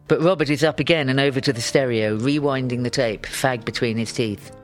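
A man's voice: mid-range voice, a little fast, hardly any pauses, faint music behind. Man reading a wry memoir. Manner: wry, animated storytelling. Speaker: narrator.

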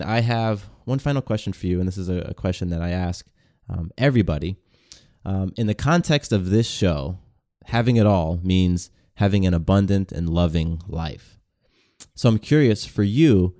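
A man hosts a podcast with a very low, dark voice, affirming his guest often. His delivery is relaxed and encouraging. The sound is dry. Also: moderate pace, no room sound. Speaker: podcast host. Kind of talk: casual interview chat.

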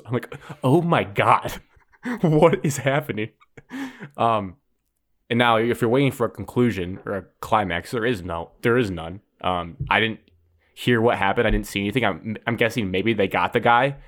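A young man with a lowish voice tells a story on a casual podcast. He rambles, circling back with "like" and "um", and acts out bits of what happened. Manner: rambling, filler-heavy, animated retelling. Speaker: podcast host.

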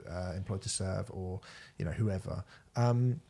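A man co-hosting a music podcast in relaxed, casual conversation. He talks with plenty of enthusiasm, often stops and restarts his sentences, and swears freely when praising a record. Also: deep voice, measured pace, creaky, breathy edge. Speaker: podcast co-host. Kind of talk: casual music review chat.

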